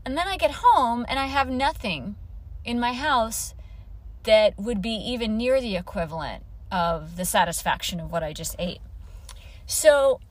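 A woman with a slightly high voice chats casually to camera as the host of her own vlog. She rambles along with plenty of "like" and restarts, and she springs up in pitch whenever she acts out what she was thinking. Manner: chatty, full of "like" and restarts; animated, acts out her own thoughts with quick pitch jumps. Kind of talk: casual chat.

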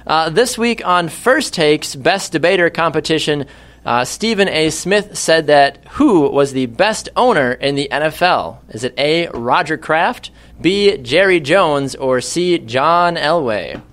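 A young man hosting a sports quiz, reading questions and tossing in quick joking asides. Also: on the high side, lively intonation, a bit bright. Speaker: quiz host. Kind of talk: casual quiz hosting with banter.

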